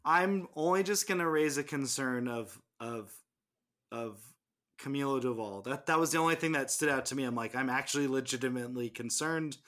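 A man co-hosting a casual sports podcast at an everyday mid pitch. He talks in halting bursts, often restarting and repeating words as he works through a point. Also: a bit bright. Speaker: podcast co-host.

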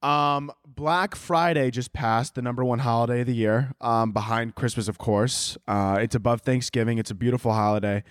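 A man's voice: medium pitch, steady tone, moderate pace, hardly any pauses, clear, resonant tone, no echo, studio quality. A young man hosting a solo comedy podcast, rambling and self-mocking, swearing freely and jumping between tangents while holding his microphone. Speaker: podcast host. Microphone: handheld microphone.

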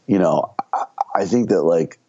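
A man's voice: low-pitched, expressive, normal speed, warm tone, slightly rough, dry recording, lo-fi sound. A man being interviewed on a podcast, talking in rambling bursts with many restarts and laughing at his own jokes. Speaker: comedian and political show host, guest.

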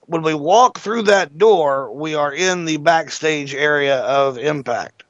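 A man's voice: fairly high pitch, slow, no room sound. A man hosting an internet radio show, telling a long story casually and with plenty of swearing. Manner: profane, animated anecdote teller. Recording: dull lo-fi internet radio audio.

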